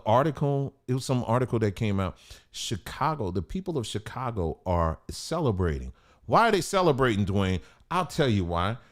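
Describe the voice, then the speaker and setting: A man hosting a commentary vlog, talking in a preachy, emphatic way and asking rhetorical questions. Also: mid-range voice. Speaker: host of a commentary channel.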